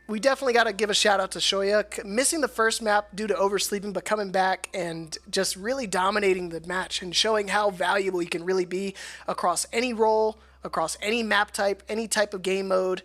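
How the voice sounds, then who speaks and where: Hoarse, excitable solo esports caster man. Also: high voice, fairly quick. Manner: excitable, rising to shouts in big plays, laughs often. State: hoarse, voice worn out from shouting. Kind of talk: live esports play-by-play commentary.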